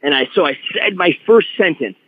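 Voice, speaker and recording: A man's voice: high-pitched, brisk, breathy edge, dry recording. Man talking over a tinny phone line. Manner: animated storyteller, many restarts. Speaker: guest wrestler. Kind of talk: casual podcast chat.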